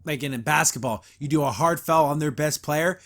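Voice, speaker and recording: A man's voice: on the high side, brisk, fairly bright tone. A man hosting a podcast, giving a casual, rambling episode review full of enthusiasm and frequent laughs. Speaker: podcast host.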